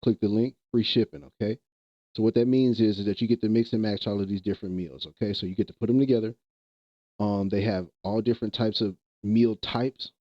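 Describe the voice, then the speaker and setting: A man's voice: lowish voice, fairly even intonation, brisk, no echo, muffled recording. A man streaming live, chatting casually with viewers in loose slang and laughing often.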